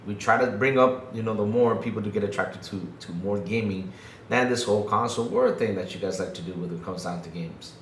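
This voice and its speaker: A man's voice: lowish voice, a little fast. A man co-hosting a podcast, giving casual gaming commentary in an emphatic, ranting way that repeats his points. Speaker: podcast co-host. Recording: echoey room with faint background noise.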